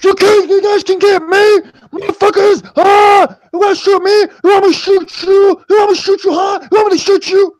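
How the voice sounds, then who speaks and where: A man's voice: very high-pitched, steady tone, moderate pace, hardly any pauses, dry recording, pitched above the performer's own voice. A man voicing a panicky, furious man who screams threats while waving guns, in a tabletop game. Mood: screaming threats.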